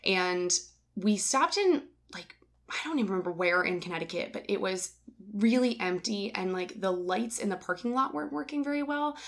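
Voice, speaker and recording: A woman co-hosting a relaxed podcast conversation. She tells her stories in a lively, rambling way, full of "like" and acted-out quotes. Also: medium pitch, moderate pace. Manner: animated storyteller, lots of "like". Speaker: podcast co-host. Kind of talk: casual chat, storytelling.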